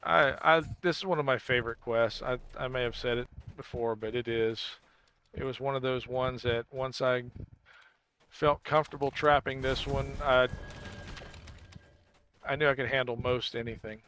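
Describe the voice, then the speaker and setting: A man chats casually while he plays a game on stream, wandering from topic to topic and cracking puns. His voice sits at an ordinary middle pitch. A faint hiss of noise runs underneath. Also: steady tone, normal speed, fairly bright tone. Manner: jokey, rambling, laughs at own puns.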